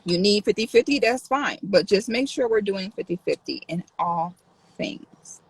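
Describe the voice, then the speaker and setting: A woman talking in a casual livestream vlog, animated and sassy. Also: medium pitch, moderate pace, breathy edge, no echo, low-quality recording. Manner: animated, sassy, exaggerated outbursts. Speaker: vlogger.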